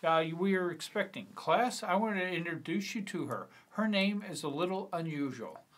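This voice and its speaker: A man reading a screenplay aloud, putting on a high formal voice for a school principal. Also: lively intonation, moderate pace, a bit bright.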